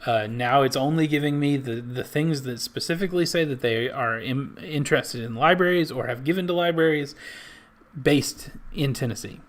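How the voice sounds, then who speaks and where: A man walking through a database in a screen-share tutorial, halting with many restarts and fillers. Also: mid-range voice. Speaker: library staff trainer.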